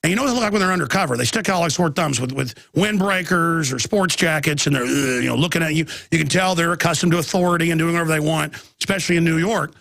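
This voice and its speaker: Texan guy in his 30s hosting talk radio, rambly storytelling, high gravelly voice. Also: fast, hardly any pauses, fairly bright tone, no echo. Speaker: radio talk show host. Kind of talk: live talk radio monologue.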